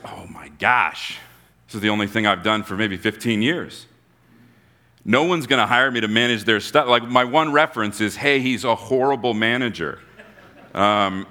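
Bright-voiced pastor telling a story. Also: male voice, fairly low pitch. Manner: casual storytelling with voiced characters, drops to a near-whisper at times. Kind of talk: sermon.

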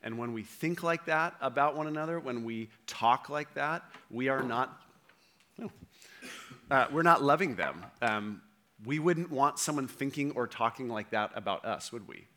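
A man's voice: medium pitch, lively intonation, normal speed, pushed and bright. A man preaching a sermon in a conversational way, often checking in with the audience. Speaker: pastor.

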